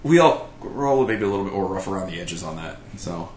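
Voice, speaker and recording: A man's voice: deep voice, expressive, quick pace, darkish tone, roomy sound, a little hiss or hum. A man hosting a casual podcast, rambling and self-deprecating with lots of fillers. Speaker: podcast host.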